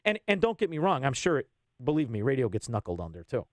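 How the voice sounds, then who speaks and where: A man, ranting bluntly as a radio guest and swinging between loud bursts and low asides. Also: huge pitch swings, quick pace, no echo, studio quality. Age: 50s. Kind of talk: heated political radio talk.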